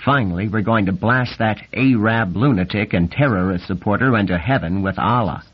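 A man voicing an excitable young male navy lieutenant, brash and nasal, talking fast and swearing freely in an audiobook reading. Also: lowish voice, husky. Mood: excited. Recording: dull lo-fi recording.

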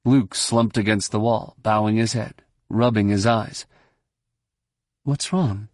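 Low-voiced male audiobook narrator. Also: flat delivery, measured pace, no echo, clean studio sound. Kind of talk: scripted narration.

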